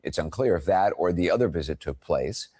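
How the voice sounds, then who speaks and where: Deep-voiced male news anchor. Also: animated, dark tone, slightly rough. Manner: measured, formal newsreader delivery. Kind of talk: scripted broadcast news report.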